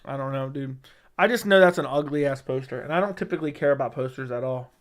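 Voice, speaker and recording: A man's voice: medium pitch, fast. A man hosting a casual livestream, reading viewer comments and answering bluntly, often swearing and repeating himself. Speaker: MMA livestream host. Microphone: studio dynamic microphone.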